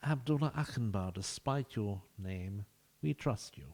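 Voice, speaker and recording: A man's voice: on the low side, animated, measured pace, darkish tone. A man giving casual, jokey let's-play commentary as a gaming video host, bantering with the players in the game.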